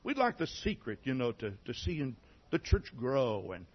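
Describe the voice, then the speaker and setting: A man preaching a sermon, telling his conversion story in a folksy way, often clearing his throat and restarting sentences. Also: mid-range voice, huge pitch swings, normal speed, lo-fi sound. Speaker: pastor. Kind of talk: sermon testimony.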